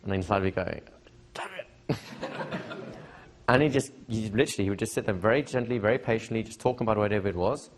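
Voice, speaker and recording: A man's voice: fairly low pitch, fast talker. A middle-aged man teaching hypnosis to a live seminar audience, chatty and repetitive, often checking in with questions. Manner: conversational, repeats phrases, asks the audience questions. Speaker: hypnosis trainer.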